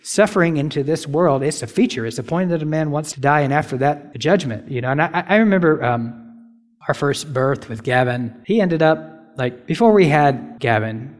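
A man's voice: on the high side, lively intonation, normal speed. A young man preaching a casual, emphatic sermon, full of rhetorical questions and asides. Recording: long reverb of a hall.

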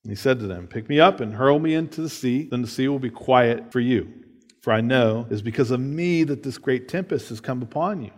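A man preaching in a relaxed, conversational way, often tossing in "right?" and a quick laugh between points. His voice, mid-pitched for a man, rings out with a long hall reverb, as if spoken in a church sanctuary. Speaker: pastor. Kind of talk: sermon.

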